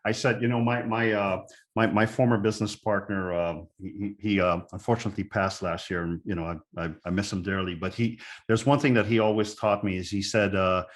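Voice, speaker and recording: A man's voice: lowish voice, steady tone, brisk. A man hosting a podcast, chatting casually with his guest, often repeating words as he restarts sentences. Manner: affirming, stammering restarts. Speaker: podcast host. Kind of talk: casual interview talk.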